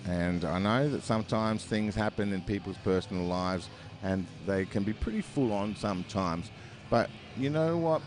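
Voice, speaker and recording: Over music, a man with an Australian accent calls a roller derby bout live through a headset mic. His voice sits fairly low and moves at a normal speed, and he chats and rambles with lots of fillers and self-deprecating asides.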